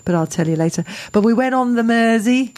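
A woman's voice: fairly high pitch, fairly quick, a little mellow. A woman co-hosting a casual chat, talking in a chatty, playful way and slipping into put-on regional accents for fun.

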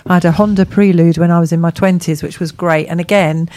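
A woman's voice: on the low side, steady tone, dark tone, dry recording. A woman chatting casually, bubbly and enthusiastic. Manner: bubbly, enthusiastic, asks quick questions. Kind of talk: casual chat.

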